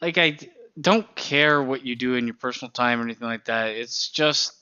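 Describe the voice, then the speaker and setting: A man on a podcast, ranting in a casual way, swearing and breaking into laughs. His voice has a bright, sharp edge, though the recording sounds a little dull and muffled. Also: medium pitch, moderate pace, clean tone. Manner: profane, ranting, laughs often. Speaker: podcast co-host. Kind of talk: casual chat.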